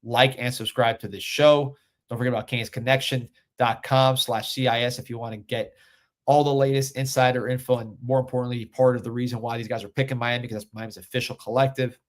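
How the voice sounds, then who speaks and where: A man hosting a live sports recruiting show, talking casually and excitedly, reading viewer comments and rankings aloud with plenty of fillers. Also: medium pitch, fairly quick. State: a little out of breath. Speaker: sports recruiting livestream host.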